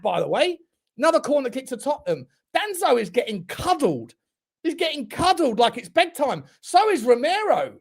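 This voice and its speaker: High-voiced excitable football fan host. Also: male voice, fairly quick, creaky. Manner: excitable, shouts at big moments, swears; talks to viewers directly. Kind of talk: live football watchalong commentary.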